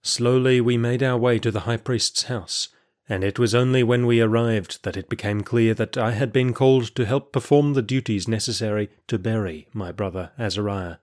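A man giving steady, measured first-person narration of a story. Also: medium pitch.

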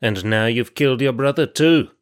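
Brief: male narrator doing a gruff, impatient guard in an audiobook; forceful, curt, low. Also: normal speed, lightly acted. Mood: harsh. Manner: snapping, barking orders.

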